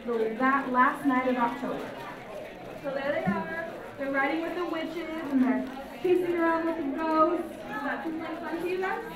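A woman reading a storybook aloud to children and leading them in movement games, expressive and coaxing. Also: sits high. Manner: expressive, coaxing, acts out voices. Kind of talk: animated storybook reading and kids' activity. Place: indoor library room. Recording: very echoey room, mic far off. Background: crowd of children.

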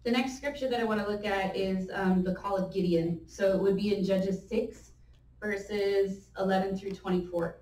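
A woman's voice: medium pitch, moderate pace, a little hiss or hum. Woman teaching in an echoey church. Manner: animated storytelling, laughing asides. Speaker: church speaker. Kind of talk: conversational sermon teaching. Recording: echoey room, mic at a distance.

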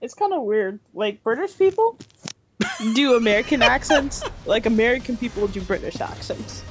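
A woman's voice: on the high side, expressive, moderate pace. A woman co-commentating a game stream, chatting playfully and casually.

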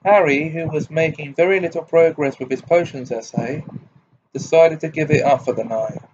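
A man reading a novel aloud in steady, plain narration. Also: on the high side, moderate pace, dull audio, slight background noise. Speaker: audiobook reader.

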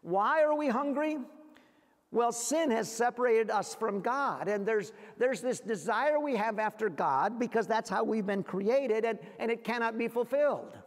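In a church sanctuary with a big-room sound, a pastor preaches a sermon earnestly, often repeating words while searching for his next phrase. When he quotes scripture, his voice drops low and quiet.

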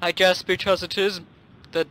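A man's voice: high voice, little pitch movement, normal speed, bright, forceful tone. A man chatting casually and playfully while playing a game, laughing often. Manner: giggly and playful, frequent laughter. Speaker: gameplay commentator. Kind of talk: casual gaming chat.

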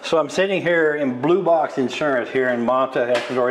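A man's voice: mid-range voice, brisk, over music, low-quality recording. An older man from the United States hosting a casual interview in an insurance office, friendly and rambling, often repeating himself. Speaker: host.

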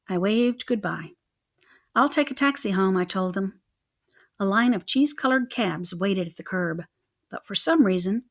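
A woman reads a children's storybook aloud, narrating in the first person with lively, expressive storytelling. Her voice sits at a middle pitch for a woman. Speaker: audiobook narrator. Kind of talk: reading a children's book aloud.

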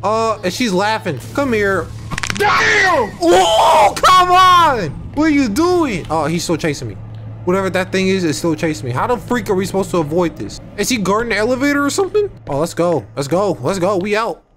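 A young man playing a horror game and commenting, jumpy and excitable, yelling when startled. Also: sits high, fast talker, heavy background noise. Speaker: gaming channel host.

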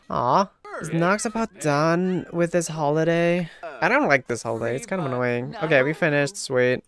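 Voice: mid-range voice, moderate pace, fairly bright tone. A game streamer giving casual gameplay commentary, thinking aloud and talking to the game characters.

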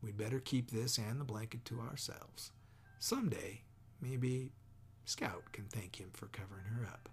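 A reader voicing a calm, steady father who talks in a measured, gentle way. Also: medium pitch, faint music behind, natural voice.

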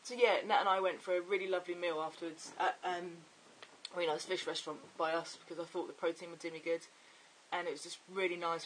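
A young man chatting excitably and rambling in a casual video diary. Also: high voice, quick pace, a little hiss or hum, low-quality recording. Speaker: vlogger.

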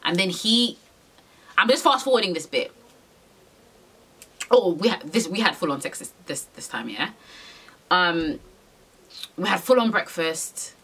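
Lively young woman vlogger. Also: on the low side, measured pace, pauses often, husky. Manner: frank, rambling, swears freely, heavy slang. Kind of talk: storytime confession to camera.

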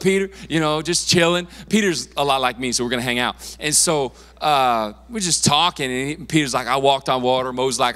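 A man's voice: a little high, fairly bright tone. Emphatic preaching man in a reverberant hall. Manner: conversational, emphatic preaching with quick asides and repeated words. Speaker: pastor. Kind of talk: sermon. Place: church sanctuary. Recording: long reverb of a church hall.

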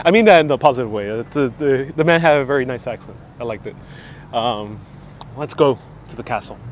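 Outdoors in town, a man strolls while hosting a live travel stream, bantering and joking as he responds to comments. His medium-pitched voice is animated and moves at normal speed, captured on a wireless clip-on mic with slight background noise.

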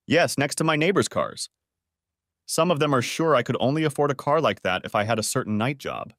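A frank, teasing woman , voiced lightly by a male narrator, lively pitch, dry sound. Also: a little fast, no echo. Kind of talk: story narration with voiced dialogue.

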